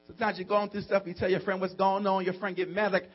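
A man preaching with a high, husky voice, dropping to quiet asides and then rising to shouted outbursts. He acts out friends' voices in little dialogues. The recording is dull and muffled, with mains hum underneath. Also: flat delivery, fast, few pauses. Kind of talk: sermon.

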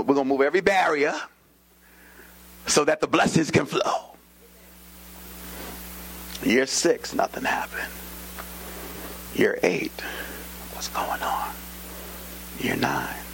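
Pastor in his thirties, gravelly and lively, animated sermon storytelling, faint hum behind. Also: low-quality recording. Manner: animated storytelling, acting out quoted voices with sudden high pitch jumps and whispers. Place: church.

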